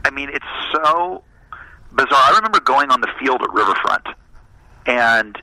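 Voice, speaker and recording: A man chatting casually, telling stories in an animated, self-deprecating way. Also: mid-range voice, normal speed, no room sound, rough recording. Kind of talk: casual chat.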